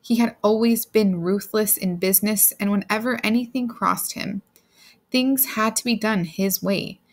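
A woman reading a short story aloud as a steady, plain narrator. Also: medium pitch, unhurried. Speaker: audiobook reader. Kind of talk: scripted narration.

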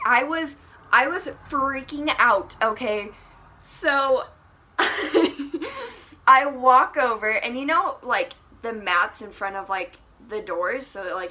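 A young woman telling a personal story in a casual vlog, animated, laughing often and saying "like" a lot. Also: a little high. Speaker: vlogger.

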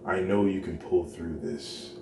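A gentle, caring mother reassuring her son, as a man reads her lines in his own deep voice. The words come slow and soft. The recording sounds roomy, with noise underneath. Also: fairly even intonation, distant mic.

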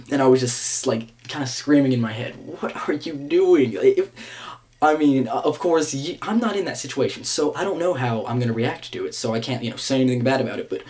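A man's voice: medium pitch, a little mellow. A man giving casual reaction commentary on a show, rambling and hesitant, with many restarts, fillers and frequent laughs. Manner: laughs often. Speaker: vlogger reviewing a reality show episode.

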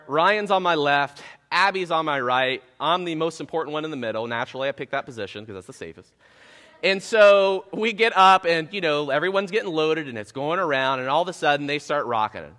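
Man, pastor, sermon, high bright voice, lively storytelling, self-mocking, long church reverb. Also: brisk. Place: church sanctuary.

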